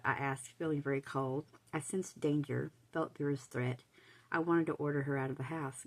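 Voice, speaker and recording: A woman narrating a novel in the first person, in a measured, dramatic reading voice. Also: deep voice, fairly even intonation, rough recording. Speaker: audiobook reader.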